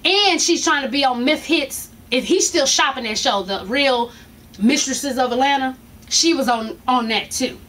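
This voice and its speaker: A woman's voice: high-pitched, expressive, normal speed, fairly bright tone. A woman hosting a casual gossip recap of a reality show, telling the story animatedly and acting out the quotes. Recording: distant mic with faint noise.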